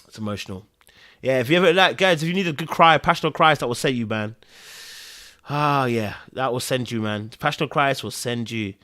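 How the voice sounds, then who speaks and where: A man, hosting a casual live-stream podcast chat with viewers. He talks emotionally and repeats phrases for emphasis. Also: mid-range voice. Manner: swings between loud exclamations and hushed, drawn-out murmurs. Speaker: podcast host.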